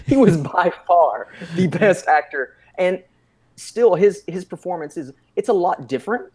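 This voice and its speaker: A man's voice: high-pitched, lively intonation, measured pace, a little mellow. A man co-hosting a podcast, talking emphatically about a film and laughing easily. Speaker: podcast co-host. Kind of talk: casual review chat.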